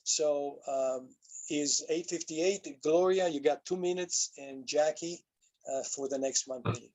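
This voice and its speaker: A man wraps up an online seminar over a video call. His voice sits a bit high for a man, and he hesitates often, restarting phrases and filling gaps with uh and um. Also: unhurried, a little mellow, low-quality recording. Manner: hesitant, full of fillers and restarts. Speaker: moderator. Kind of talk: closing remarks on a video call.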